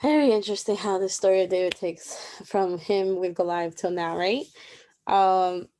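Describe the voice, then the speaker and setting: A young woman presents a Bible reading plan, chatting casually through the day's passage with plenty of asides. Her mid-range voice is dark in tone, steady, and moves at a normal speed.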